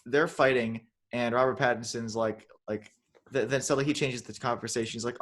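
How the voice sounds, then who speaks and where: A man retells a film in casual podcast chat. He rambles and restarts, sometimes slipping into exaggerated voices for the characters. His voice sits at an ordinary middle pitch. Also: moderate pace, fairly bright tone. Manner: rambling, many restarts, acts out lines in funny voices. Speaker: podcast co-host.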